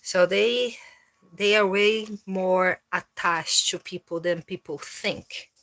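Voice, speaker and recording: A woman vlogging casually about her cats, coaxing them with meows and baby talk between relaxed explanations. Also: fairly low pitch, slow, no echo. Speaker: cat owner and vlogger. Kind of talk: casual vlog narration.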